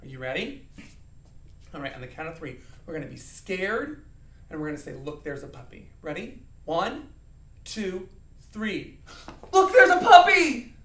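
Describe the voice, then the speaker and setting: A man's voice: fairly high pitch, sing-song, normal speed, pauses often, a bit bright, distant mic, slight background noise. A man teaching an acting lesson to young children, playfully acting out emotions and counting along. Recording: echoey room, voice a bit off-mic.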